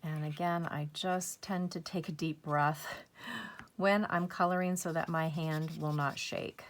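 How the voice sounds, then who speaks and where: Slow, soft-spoken woman crafting tutor. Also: deep voice, fairly even intonation. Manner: soft, unhurried, gently encouraging. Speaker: crafting channel host. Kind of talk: calm step-by-step crafting tutorial.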